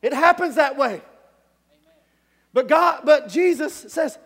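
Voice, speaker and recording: A man preaching a sermon, telling a story with animated energy, breaking into shouts and chuckling often. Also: very high-pitched, a little slow, pauses often. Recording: long hall reverb.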